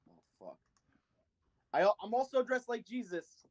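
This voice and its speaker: A man's voice: extremely high pitch, big pitch swings, unhurried, no room sound. A man playing in a tabletop game, joking and playful as he role-plays his character. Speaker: player. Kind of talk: tabletop role-play banter.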